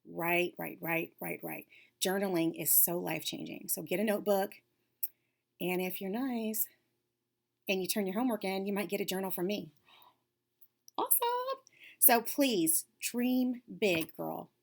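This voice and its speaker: Woman facilitator, encouraging coach to young girls, whispers for emphasis, slight vocal fry. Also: mid-range voice, animated, a little slow, long pauses. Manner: warm, upbeat, coaching, drops to whispers for emphasis. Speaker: lead facilitator for girls' self-esteem class.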